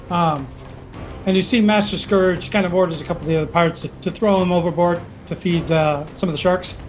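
A game master narrating a tabletop pirate game in a halting way, with many fillers. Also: medium pitch, fairly even intonation, faint music behind.

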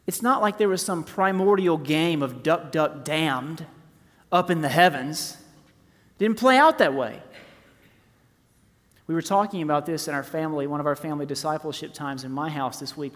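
A man in his forties preaching a sermon, rising to loud emphasis and dropping to hushed, near-whispered softness. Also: on the high side. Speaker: pastor. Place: church sanctuary. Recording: long reverb of a large hall.

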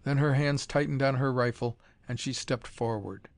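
A man narrating an adventure audiobook in a measured, even storytelling manner on a close mic. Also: mid-range voice, gravelly, dry recording. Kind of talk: scripted narration.

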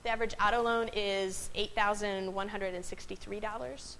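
A woman pastor preaches in a relaxed, conversational way to a congregation. She pauses on "um", checks in with the room, and keeps her voice at an ordinary middle pitch. A faint hum of ambience sits under her. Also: poor audio. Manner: chatty, asks the room questions, frequent "right?" and "um". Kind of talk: conversational sermon. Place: worship space before a congregation.

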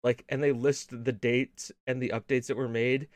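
A man co-hosting a laid-back gaming stream show, rambling through restarts as he spins deadpan spy jokes. His voice sits in the middle range and sounds dry and close. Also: medium pitch, normal speed, dry recording. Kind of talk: casual joking chat.

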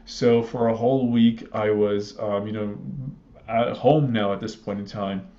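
A man in his thirties from Iraq, a guest calmly telling a personal story in a halting way, with many fillers, on a slightly muffled recording. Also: fairly low pitch. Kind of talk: conversational storytelling. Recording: slightly dull, muffled audio.

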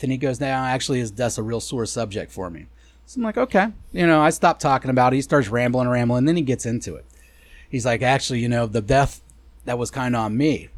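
Podcast co-host guy, lively up-and-down delivery, crude and laughing, dry sound. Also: medium pitch, no room sound. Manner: profane, laughs through his own story. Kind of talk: crude comedic storytelling.

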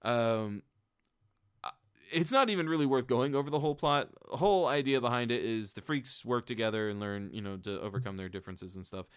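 A man casually retelling a strange movie, animated, with plenty of ums, likes and swearing. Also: medium pitch, brisk, clean tone, no echo, clean studio sound.

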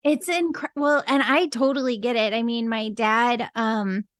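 A woman's voice: on the high side, steady tone, a little slow, no echo, clean studio sound. A woman hosting the interview over a video call, speaking hesitantly with fillers. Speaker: host.

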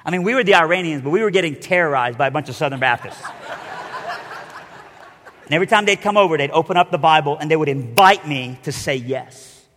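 A man's voice: a little high, expressive, a little fast, a bit bright, big-room sound, a little hiss or hum. A man preaching a sermon, telling his story with animation and acting out the voices of the people in it.

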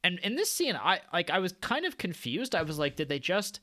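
A man's voice: sits high, sing-song, fairly quick, bright, forceful tone, no echo, clean studio sound. A man in his thirties co-hosting a film podcast, casually explaining film trivia. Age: 30s. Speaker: podcast co-host.

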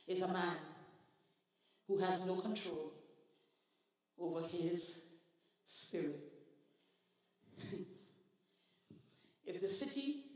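High-voiced Trinidadian preacher in an echoey hall. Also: male voice, a little mellow, recorded from a distance. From Trinidad and Tobago. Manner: impassioned preaching, calling on the congregation to respond. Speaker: guest preacher. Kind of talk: sermon.

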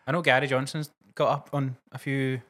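A Scottish man chats in an easygoing way on a podcast. His voice is pitched mid-low. He tells wry stories and often laughs along. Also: little pitch movement, brisk, a bit bright. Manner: laid-back, dry, laughs often. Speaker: podcast co-host, musician. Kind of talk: casual chat.

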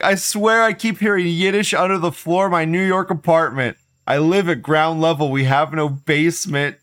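A man hosts a casual live commentary show over soft background music, rambling and swearing, repeating phrases and often breaking into laughter. His high-pitched voice is a bit bright and clean-toned, at a moderate pace.

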